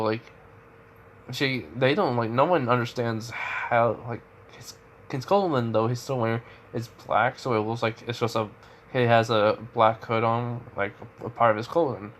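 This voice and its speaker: A man's voice: medium pitch, normal speed, a bit bright, slight background noise. A man casually retelling a fan story, rambling with many restarts. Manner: rambling, lots of fillers and restarts.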